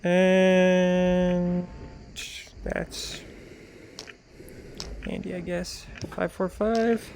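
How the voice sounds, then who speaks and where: A man's voice: a little high, moderate pace, creaky, pauses often, slight background noise. A young man, streaming a VR game and rambling to himself and his chat, often muttering under his breath. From Canada. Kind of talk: casual gameplay commentary.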